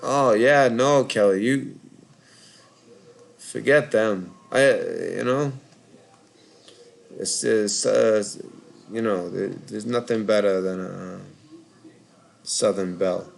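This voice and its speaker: Tired Boston-accented male call-in host, low and gravelly, loose rambling delivery. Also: slow, pauses often. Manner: rambling, filler-heavy, lots of "like". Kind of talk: casual live call-in chat.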